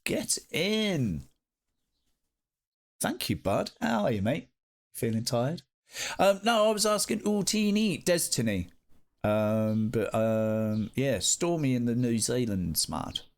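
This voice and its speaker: A man chatting casually with viewers on a live stream, playful and animated, breaking into sing-song greetings. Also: mid-range voice, takes it slowly.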